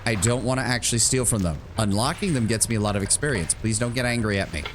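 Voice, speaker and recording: A man with a low voice comments on a game as he plays, rambling and swearing casually while poking fun at himself. Faint noise sits under his voice. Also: fast. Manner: rambling, profane, self-mocking. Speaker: streamer.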